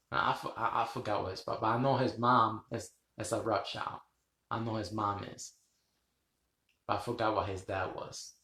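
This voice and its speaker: A man's voice: lowish voice, a bit bright, echoey room. A man hosting a rambling live stream, chatting with viewers, laughing often and swearing casually. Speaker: livestream host.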